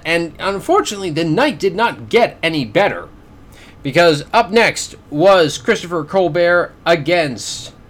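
A Canadian man with a slightly high voice hosting his own podcast. He reviews fights in an exasperated, sarcastic tone, and he stammers and repeats words as he talks. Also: a bit bright. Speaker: podcast host. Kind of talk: casual boxing review.

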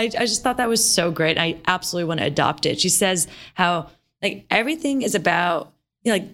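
Woman, 30s, podcast co-host, lowish voice, casual chatty talk, filler-heavy. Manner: chatty, animated, lots of "like" and "you know" fillers.

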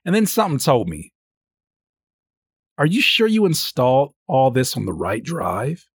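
A man in his thirties hosting a casual solo podcast and telling a story with energy, often jumping into a high voice when he quotes himself. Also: huge pitch swings, unhurried, husky, no room sound, studio quality. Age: 30s. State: sleep-deprived. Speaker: podcast host.

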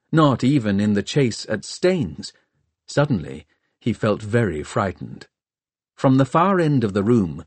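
A man narrating an audiobook in a measured, dramatic way. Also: on the low side, a little mellow, breathy edge, no room sound.

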